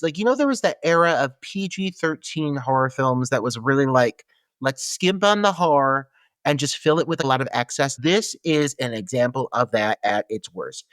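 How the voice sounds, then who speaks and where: A man's voice: high-pitched, fairly bright tone. A man recaps a horror film on his podcast in loose, profane chat, breaking into laughs. His voice rises and falls a lot as he talks. The sound is close and dry, with no room echo. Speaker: podcast co-host. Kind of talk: casual movie-review chat.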